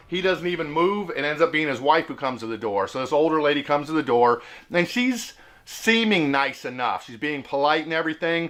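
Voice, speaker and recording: A man's voice: on the high side, sharp tone. A man from Seattle telling a story casually, laid-back and cussing a lot, chuckling as he goes. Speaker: host.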